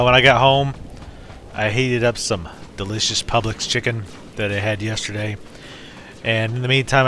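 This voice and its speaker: A man with a bright, forward voice at a middle pitch talks through his gameplay. His commentary is casual and rambling, full of asides and jokes aimed at his viewers. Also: a little hiss or hum. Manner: rambling, jokey, talks while playing. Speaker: let's play host.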